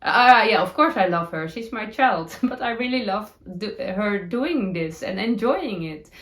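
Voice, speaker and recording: A woman with a Dutch accent, a native Dutch speaker, chatting casually as a knitting podcast host, with many fillers, pauses and giggles. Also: medium pitch, lively intonation, fairly bright tone. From Netherlands. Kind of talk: casual chat showing her knitting gear. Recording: roomy echo.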